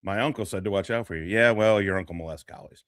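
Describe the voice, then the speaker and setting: A man's voice: low-pitched, fast, a bit bright, dry recording, clean studio sound. A man doing rambling, profane reaction commentary as a streamer, laughing often and jumping between thoughts.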